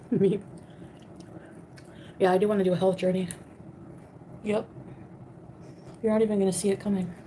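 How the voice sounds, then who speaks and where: A woman's voice: medium pitch, little pitch movement, fairly quick, pauses often, mellow, a little hiss or hum, rough recording. A young woman chatting casually with viewers on a livestream while eating, greeting people by name and talking between bites. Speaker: livestream host.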